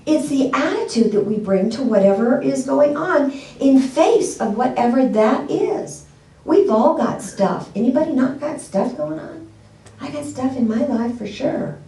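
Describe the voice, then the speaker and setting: A woman pastor preaches in an easy, conversational way, tossing questions out to her congregation. Her voice is mellow and warm. She sounds a step away from the microphone, with the sanctuary's echo rolling around her. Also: on the high side, far from the mic. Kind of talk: sermon.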